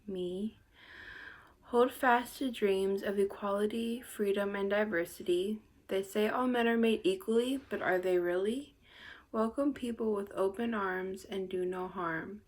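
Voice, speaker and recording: A teenage girl with a Philadelphia accent, a ninth grader, earnestly reading her own poem. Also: medium pitch. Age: teens. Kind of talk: poetry reading.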